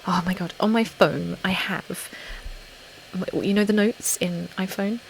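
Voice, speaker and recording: A young British woman, host of an ASMR channel, chatting casually on a live stream and reading viewer comments aloud, often slipping into a soft whisper. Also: medium pitch, fairly even intonation, a little slow, gravelly, slight background noise, poor audio. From Britain.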